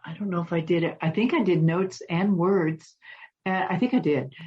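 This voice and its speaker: A woman guest in an interview, telling animated stories and acting out the voices of people in them. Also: fairly low pitch, moderate pace, slightly rough, dull audio. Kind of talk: storytelling in an interview.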